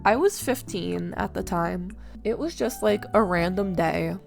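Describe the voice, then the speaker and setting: Chatty young woman, gravelly. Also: fairly low pitch, unhurried, soft background music. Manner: chatty, with many "like"s and acted-out quotes. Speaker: gaming vlogger telling work stories. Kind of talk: casual storytime over gameplay.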